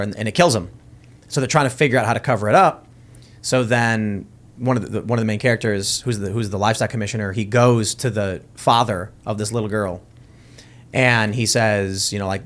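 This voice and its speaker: A man's voice: fairly low pitch, fairly even intonation, fairly quick. A man hosting a casual panel podcast, retelling a TV scene in a loose, rambling way with many restarts. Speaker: podcast host.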